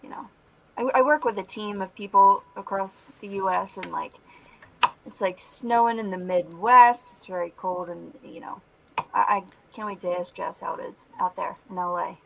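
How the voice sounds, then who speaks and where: A woman's voice: mid-range voice, normal speed, gravelly, a bit bright, slight background noise, poor audio. Giggly Philadelphia-accented woman co-host. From Philadelphia area, USA. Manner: chatty, giggly, laughs often. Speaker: talk show co-host. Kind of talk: casual podcast chat.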